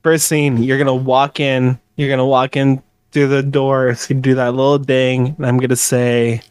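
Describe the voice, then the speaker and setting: A man playing a female coffee-shop barista in a wig and dress, using a deep put-on voice. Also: flat delivery, normal speed, darkish tone, clear, resonant tone, no room sound, natural voice. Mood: deadpan.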